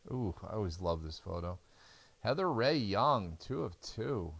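Guy doing a card break stream, kinda low and gravelly, sounds tired and yawny. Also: lively intonation, unhurried, a bit bright. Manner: chatty, reads out card names as he opens packs. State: tired and yawning. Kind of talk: casual live stream commentary.

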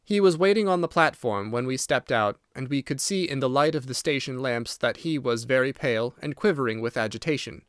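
A man narrating a classic detective audiobook in a steady, unhurried reading. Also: medium pitch, no echo, studio quality. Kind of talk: scripted narration.

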